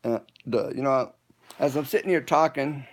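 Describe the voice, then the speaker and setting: A man chatting casually on a phone live stream from an indoor room, halting and rambling with many restarts. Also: mid-range voice. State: hiccups. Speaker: home improvement vlogger.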